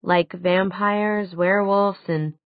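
Woman voicing a blunt sarcastic teen girl, audiobook, raised quick questions, dry tinny sound. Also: steady tone, dry recording, lightly acted. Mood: questioning. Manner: higher, brighter, quick retorts.

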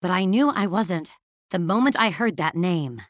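Female narrator as a wounded young woman turned icy; low, quiet, controlled. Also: lively intonation, normal speed, dry recording, lightly acted. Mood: hurt, resolved. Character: young woman, hurt and coldly resolved. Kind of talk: audiobook character voice.

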